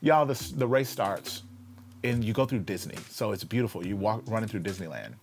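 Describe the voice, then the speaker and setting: A man who is a pastor, telling a story in a lively, dramatic way and dropping to a quiet intensity for his point. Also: fairly low pitch, normal speed. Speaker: pastor and speaker. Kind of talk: animated storytelling talk.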